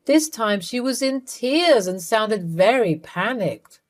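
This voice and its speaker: A woman narrating a first-person story in a measured, coolly resentful way. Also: a little high, lively intonation.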